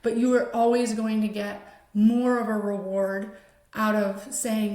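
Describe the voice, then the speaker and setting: A woman hosting a show who explains an approach in an earnest way and acts out example phrases in a gentle voice. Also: mid-range voice, flat delivery, unhurried, roomy sound. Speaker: host. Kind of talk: explanatory talk.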